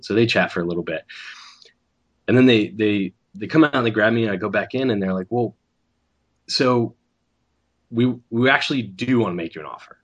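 A man, an animator, telling a story in casual conversation, acting out the other people's lines with quick restarts. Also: on the low side, muffled recording. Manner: animated, acts out quoted voices, restarts often. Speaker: animator guest.

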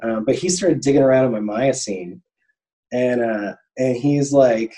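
A man's voice: mid-range voice, measured pace, warm tone, rough recording. A man in his thirties, a guest on an interview podcast, telling stories casually with lots of ums and restarts. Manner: rambling, many ums and restarts. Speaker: animator guest.

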